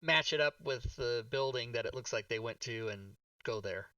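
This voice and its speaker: A male player in a tabletop game with a bright, forward tone, talking casually. He jokes around and sometimes gets confused. His voice sounds a bit off-mic and dry. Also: mid-range voice, moderate pace, dry recording, recorded from a distance, lo-fi sound.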